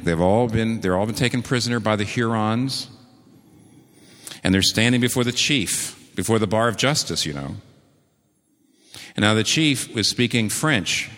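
A man preaching a sermon, telling stories earnestly and slowing down to repeat key words with emphasis. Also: fairly low pitch, a bit bright, long reverb tail. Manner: earnest storytelling with slow emphatic repetitions. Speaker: pastor.

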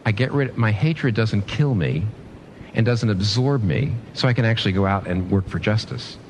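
A man preaching a sermon, animated, asking his listeners rhetorical questions and often restarting his sentences. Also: on the low side, normal speed, slight background noise. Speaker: pastor.

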